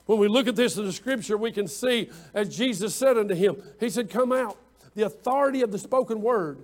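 Man, preacher, very high voice, emphatic fervent sermon. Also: fairly quick. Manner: rising to fervent, emphatic preaching with call-outs to the congregation.

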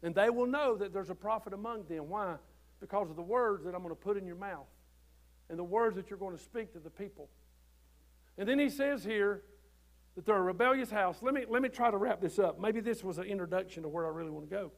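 A man preaching a sermon from the pulpit, folksy and conversational, growing loud when he quotes scripture. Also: high voice, brisk. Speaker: pastor. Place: church.

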